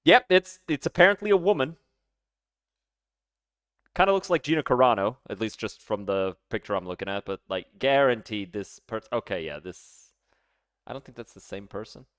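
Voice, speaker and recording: A man's voice: on the low side, animated, no echo, studio quality. A man streaming a reaction, talking casually with incredulous, profane mockery. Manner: incredulous, profane, quick to mock.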